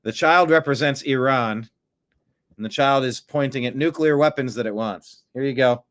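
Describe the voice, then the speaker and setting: A man's voice: mid-range voice, normal speed, fairly bright tone. A man hosting a casual online commentary show from his home desk, chatting and talking to his cat between stories. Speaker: host.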